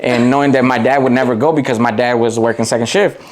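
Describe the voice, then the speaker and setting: A middle-aged man from the Waukegan area of Illinois, with an ordinary male pitch, tells long, rambling stories in a casual interview. He talks quickly, uses lots of "like" fillers and restarts, and turns animated whenever he quotes someone. Crowd noise can be heard.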